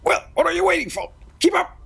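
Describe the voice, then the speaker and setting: A man's voice: extremely high pitch, sing-song, brisk, vocal fry, fairly bright tone, soft background music, pitched above the performer's own voice, exaggerated voice. A man doing a barking, impatient prison guard.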